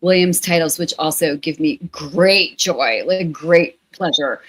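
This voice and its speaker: A middle-aged woman author talking in a lively, chatty way during an interview. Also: on the low side, moderate pace, few pauses. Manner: lively, talkative, self-deprecating. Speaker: author guest and co-founder. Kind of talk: conversational interview.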